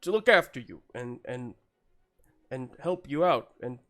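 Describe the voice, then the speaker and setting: A man's voice: medium pitch, animated, fairly bright tone, soft background music. A man voicing a sentimental older male mentor who stammers fondly through his words. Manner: halting, stammering, affectionate.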